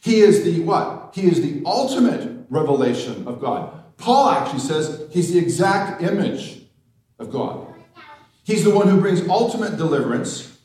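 A man preaching a sermon, putting rhetorical questions to the congregation and slowing down for emphasis. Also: sits high, sing-song, a little mellow. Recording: echoey room, mic at a distance.

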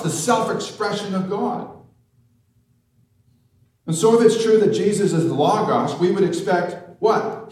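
A man preaching a sermon, putting rhetorical questions to the congregation and slowing down for emphasis. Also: sits high, a little mellow. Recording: echoey room, mic at a distance.

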